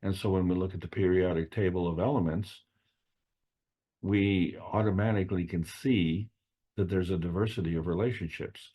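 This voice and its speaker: A man's voice: low-pitched, steady tone, normal speed, warm tone, slightly rough. A man giving an unscripted spiritual lecture, meandering and repeating phrases, often posing rhetorical questions.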